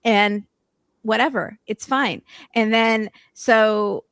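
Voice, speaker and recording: A woman guest with a fairly high voice, joining in on the chat with wry, teasing remarks. Her delivery is casual and easygoing. The sound is close and dry. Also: steady tone, slow, a bit bright, clean tone, dry recording. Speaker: podcast guest.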